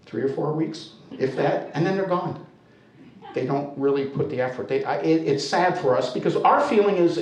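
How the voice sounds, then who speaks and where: An older American man spins a funny personal tale for a live crowd, his talk loose and conversational. His voice sits a bit high for a man, and the hall adds a clear echo around every line. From United States. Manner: conversational and humorous. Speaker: storyteller. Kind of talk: told personal story before a live audience. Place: storytelling center hall. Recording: echoey hall.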